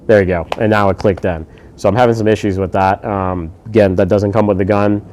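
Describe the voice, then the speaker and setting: A man giving a casual, laid-back firearms review, swearing freely and filling pauses with lots of ums and uhs. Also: lowish voice, fairly even intonation, a little mellow, slight background noise.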